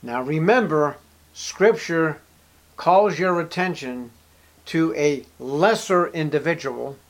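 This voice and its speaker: Male preacher, slightly high voice, sermon delivery, acts out dialogue and repeats for emphasis. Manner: acts out short dialogue between characters, emphatic repetition.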